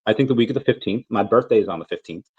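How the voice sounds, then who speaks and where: A man's voice: on the low side, racing, breathy edge, highs cut off. A man in his thirties with the flu, coughing now and then, hosting a casual livestream Q&A and rambling through his thoughts with many restarts. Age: 30s. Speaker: crypto livestream host.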